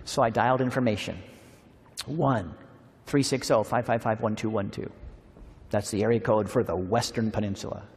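A man preaching at a seminar, telling a story with animated delivery and acting out the dialogue. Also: fairly low pitch, moderate pace, slight background noise. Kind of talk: storytelling sermon. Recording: long hall reverb.

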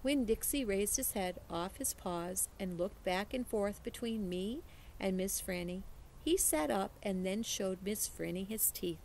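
A teacher reads a children's novel aloud, slowly and expressively. Her mid-pitched voice carries a gravelly edge, and a faint hiss sits underneath it. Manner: slow, expressive read-aloud.

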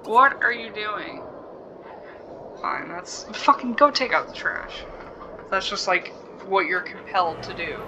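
A woman's voice: medium pitch, animated, a little slow, noisy background. A woman hosting a game let's play, chatting casually, swearing freely and reacting aloud to what happens on screen. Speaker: gaming channel host.

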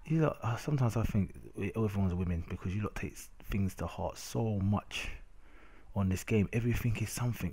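Casually ranting over game footage, this young man with a London accent leans on slang and drops "innit" over and over. His lowish voice is warm with a breathy edge, and he speaks a little fast.

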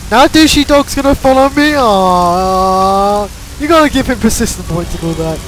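A young man commentating a video game playthrough, excitable, laughing and swearing at what happens on screen. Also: extremely high pitch, moderate pace, hardly any pauses, slight background noise, low-quality recording. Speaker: gamer commentator. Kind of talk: let's play commentary.

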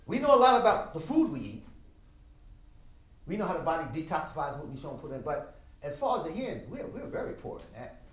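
An older man teaching a music masterclass, animated and emphatic, singing out rhythms with drum sounds in a classroom. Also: a little high, a little fast. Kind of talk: masterclass lecture. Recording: roomy sound from a distant mic.

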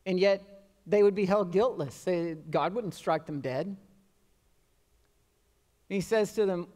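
A male pastor preaches in a relaxed, talkative way, slipping in a joke at his own expense. His voice sits high for a man. The sound carries the long reverb of a church sanctuary. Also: unhurried, pauses often. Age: adult with children. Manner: conversational preaching with self-deprecating humor and acted-out quotes. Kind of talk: sermon.

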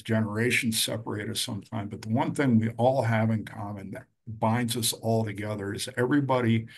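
A middle-aged man, a recovery counselor, talking earnestly and with feeling, with some halting fillers. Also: fairly low pitch, husky. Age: middle-aged or older. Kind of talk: conversational storytelling.

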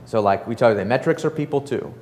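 A man talks fast and loose to an audience, with many fillers and quick asides. His voice sits at a middle pitch. Sound rings with a long hall reverb. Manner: fast, animated, filler-heavy storytelling with acted-out quotes. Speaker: startup author and speaker. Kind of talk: casual talk before an audience.

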